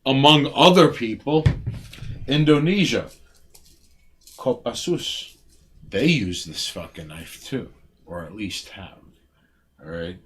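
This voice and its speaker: A man co-hosting a casual late-night stream, reading facts aloud with profanity and loud outbursts. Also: medium pitch, animated, slow, pauses often, a little hiss or hum. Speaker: podcast co-host.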